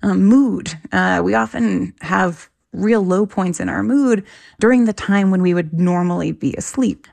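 A woman's voice: medium pitch, unhurried, gravelly, darkish tone. A woman researcher giving interview answers, explaining in an enthusiastic, plain-spoken way. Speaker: researcher guest.

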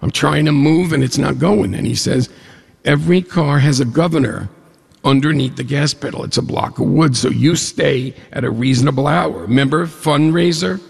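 A man telling a humorous personal story to an audience, animated, jumping up in pitch when he quotes dialogue. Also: moderate pace, gravelly, husky. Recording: long hall reverb.

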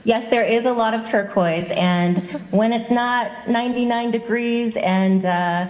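A woman's voice: on the high side, unhurried, darkish tone, lo-fi sound. Woman from new mexico, easygoing caller, roomy echoey sound. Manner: friendly, easygoing, laughs along. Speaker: caller on a radio quiz show. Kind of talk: casual chat with a host.

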